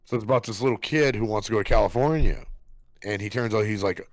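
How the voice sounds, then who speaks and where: A man's voice: lowish voice, fast talker, no echo. A man in his forties co-hosting a podcast, a father who talks bluntly and swears when exasperated. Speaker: podcast co-host. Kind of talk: casual chat.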